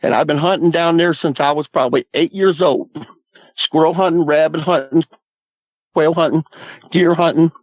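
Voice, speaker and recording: A man's voice: on the high side, fairly even intonation, moderate pace, no room sound, lo-fi sound. Earnest man in his fifties. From Southwest Missouri Ozarks. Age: 50s. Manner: earnest, folksy, repeats "I said" and "he goes". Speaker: guest. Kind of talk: recounting a personal encounter.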